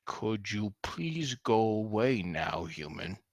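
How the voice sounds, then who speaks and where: A man's voice: on the low side, sing-song, takes it slowly, no room sound, full character voice. Guy doing a whiny orc bouncer, petulant and hurt, voice jumps all over, dry close sound. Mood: pleading. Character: sulky young orc bouncer, male, easily hurt pride.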